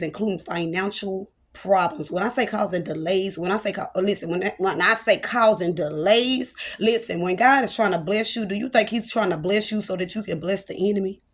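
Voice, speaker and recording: A woman prophetess giving a spoken prophetic message, chatty and playful, with church exclamations. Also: medium pitch.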